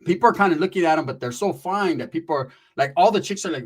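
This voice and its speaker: A man's voice: on the high side, quick pace, slightly rough. A man from Northern California telling a wild personal story in casual, profane street slang sprinkled with Spanish words, acting out the people in it. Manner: animated, acts out the people in his story.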